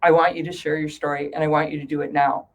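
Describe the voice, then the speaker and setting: A middle-aged woman, a guest in an interview, telling her story with animated voices for her own past thoughts. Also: low voice, fast talker, rough recording.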